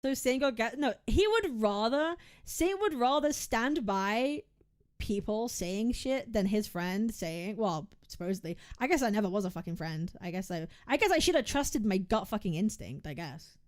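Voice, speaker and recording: A woman's voice: medium pitch, expressive, normal speed. A woman game streamer venting to her chat in a casual livestream rant, frustrated and heavily profane, often repeating and restarting her words. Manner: talks straight to chat, venting about friends.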